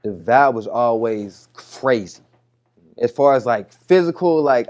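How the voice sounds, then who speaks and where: A man's voice: medium pitch, lively intonation, measured pace, darkish tone. A young man as an interview guest, talking loosely and candidly with lots of slang and swearing. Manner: loose, slangy, profane talk.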